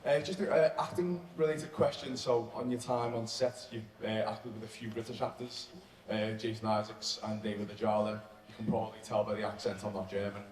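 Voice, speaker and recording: A man's voice: lowish voice, steady tone, brisk, a little mellow. A man from the audience asking a panel guest a question in a friendly, chatty way. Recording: echoey convention hall, faint noise.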